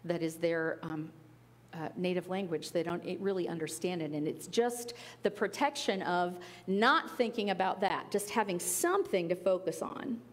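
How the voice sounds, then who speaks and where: This spiritual teacher, a woman with a lowish voice, delivers an earnest, conversational sermon-style talk sprinkled with playful asides. She speaks at a moderate pace, and a long reverb tail follows her words.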